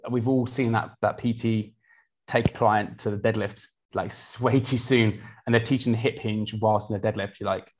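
A man, a personal trainer talking casually in an interview, energetic, with many restarts. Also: lowish voice, moderate pace, a little hiss or hum. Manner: energetic, many restarts, quotes clients in lively voices.

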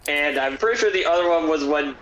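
A young man from the United States in a casual podcast chat, recounting favorite moments in a calm, even way. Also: fairly high pitch, quick pace, slight background noise, low-quality recording. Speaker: podcast guest.

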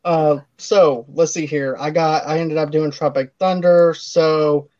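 A man hosting a casual podcast, briskly reading a listener's list and moving the talk along. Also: a little high, steady tone, darkish tone, no room sound. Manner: brisk, reads out listener lists and moves things along. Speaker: podcast host. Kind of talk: casual chat. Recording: dull, lo-fi sound.

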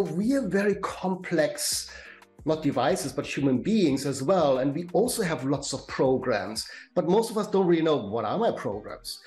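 A man's voice: on the high side, a little mellow. Middle-aged German-accented man, coach. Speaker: guest, career and life coach. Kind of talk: podcast interview.

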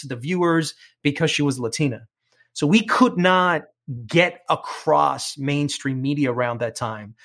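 Middle-aged new york guy, kinda high voice, earnest, stumbles and repeats words when he gets going. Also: a bit bright. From New York, United States. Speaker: TV presenter and film critic as interview guest. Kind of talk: conversational interview storytelling.

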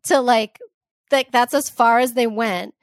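A woman co-hosting a podcast in chatty casual talk, reacting quickly and laughing easily. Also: fairly high pitch, steady tone, dry recording, studio quality. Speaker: podcast co-host. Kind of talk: casual chat.

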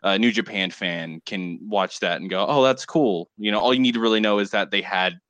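A man with a fairly low voice in an easygoing podcast conversation. He talks eagerly and trips over his own words, with a dry, close sound. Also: fairly even intonation, brisk, a bit bright, no echo. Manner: eager, stumbling, laughs along. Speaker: wrestling podcast co-host. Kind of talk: casual podcast chat.

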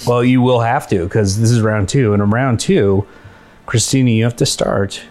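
A man at a mid-range pitch hosts a casual comedy podcast. He runs the games in an upbeat, game-show manner and laughs between instructions. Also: unhurried, darkish tone. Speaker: podcast host.

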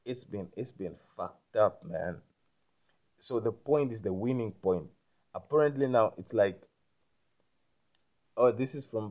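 A man rambling through a spiritual monologue, repeating himself and often checking that the listener understands, growing loud and emphatic when indignant. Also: fairly low pitch. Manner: repetitive, keeps asking "you understand me?".

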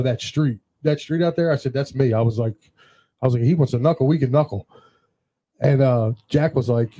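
A man's voice: mid-range voice, slightly rough. A man co-hosting a show, casually telling anecdotes and acting out what others said. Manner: animated anecdote-teller, acts out quoted dialogue. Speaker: podcast co-host. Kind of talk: casual storytelling chat.

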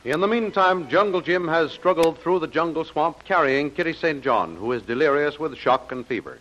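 A male narrator with a fairly high voice reads dramatic scripted narration in a measured way. It comes through as a muffled old radio recording. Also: expressive, fairly bright tone, faint music behind.

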